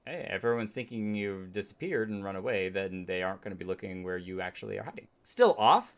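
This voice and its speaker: A man's voice: low voice, lively intonation, brisk, few pauses. A male streamer in casual gameplay chat, playful, laughing easily and goofing on accents.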